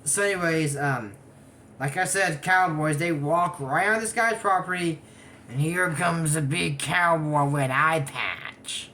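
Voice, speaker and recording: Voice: medium pitch, unhurried, bright, forceful tone, a little hiss or hum. A speaker in their twenties giving a casual, rambling recap of a cartoon episode, full of digressive asides. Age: 20s. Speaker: anime episode reviewer.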